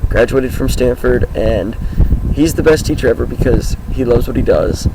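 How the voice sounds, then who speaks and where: A teenage boy talking casually outdoors about his life, with a groggy, hoarse voice and a rambling, upbeat manner. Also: medium pitch, normal speed, very noisy. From Washington State, US. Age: teens. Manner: rambling, upbeat, many fillers. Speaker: high school student vlogger. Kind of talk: casual self-introduction vlog. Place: outdoors, sitting on his car.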